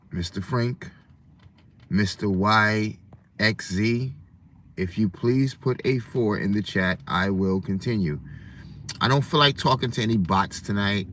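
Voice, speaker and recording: A man's voice: lowish voice, fairly bright tone, slight background noise. A man hosting a livestream, talking in a preachy, rambling way and often speaking to his chat. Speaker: livestream host. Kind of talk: casual livestream rant.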